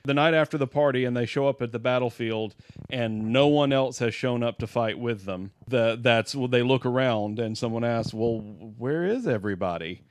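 A man's voice: mid-range voice, normal speed, dry recording. Blunt, dry-witted man on a podcast. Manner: dry, blunt, retells scenes in long runs. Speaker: podcast co-host. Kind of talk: casual chat, movie review podcast.

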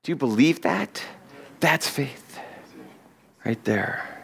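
A pastor preaching a sermon, slowing down to stress key words and putting questions directly to his congregation. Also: mid-range voice, animated, vocal fry, fairly bright tone, breathy edge. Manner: emphatic, slows to stress key words, quotes scripture.

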